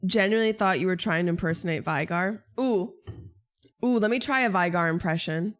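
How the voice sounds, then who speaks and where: A woman's voice: on the low side, brisk. A young woman streamer chatting casually and jokingly, answering her chat.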